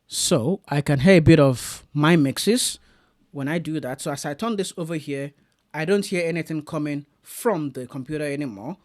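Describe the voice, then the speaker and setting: A man's voice: on the high side, normal speed. Chatty man reviewing audio gear. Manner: chatty, demonstrating gear live. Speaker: tech reviewer. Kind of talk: casual product review.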